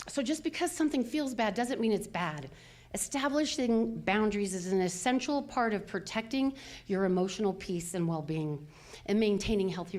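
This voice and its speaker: A woman's voice: mid-range voice, darkish tone. An older woman minister giving a conversational, self-deprecating sermon, full of fillers and small laughs. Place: church sanctuary.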